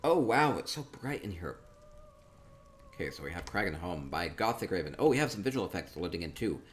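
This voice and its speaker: A man chatting casually through a tour of a game, upbeat and quick to repeat himself, with soft laughs between remarks. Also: sits low, very animated, soft background music. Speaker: gaming streamer touring player-built homes. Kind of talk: casual gameplay commentary.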